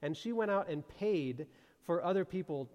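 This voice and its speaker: A man's voice: high-pitched, lively intonation, normal speed, darkish tone, in a large hall. A man preaching a sermon in a loose, conversational way, thinking aloud and reading scripture aloud.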